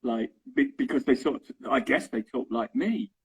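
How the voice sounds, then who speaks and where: Husky Estuary English man, chatty. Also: mid-range voice, animated, normal speed, rough recording. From London. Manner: chatty, keeps checking in with "right?" and "okay?". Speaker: English teacher, interview guest. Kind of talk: casual explanatory chat.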